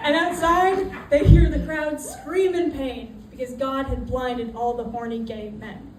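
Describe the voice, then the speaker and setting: A woman's voice: sits high, fairly even intonation, slow pace. Brash woman doing stand-up, roomy club sound. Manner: brash storytelling, acts out voices. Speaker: stand-up comedian. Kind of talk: stand-up comedy routine. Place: comedy club stage with audience. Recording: roomy, distant, noisy club audio.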